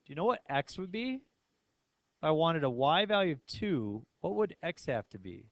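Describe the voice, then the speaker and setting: A man teaching a math lesson with a slightly high voice, recorded close and dry. He keeps quizzing his listeners and makes little jokes as he goes along. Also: sing-song, normal speed, no room sound, lo-fi sound. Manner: playful, asks the class many questions. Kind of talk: classroom lecture.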